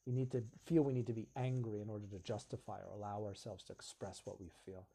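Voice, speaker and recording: A man's voice: fairly low pitch, little pitch movement, fast, gravelly, mellow. A man hosting a live video stream, talking casually and earnestly, reflecting aloud and acting out little dialogues.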